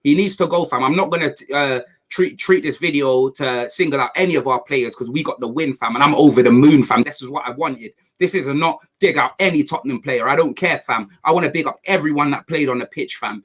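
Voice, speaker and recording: A young man calling in as a fan, talking in an excited rush full of street slang. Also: medium pitch, fairly quick, few pauses. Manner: hyped, heavy London slang. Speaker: caller.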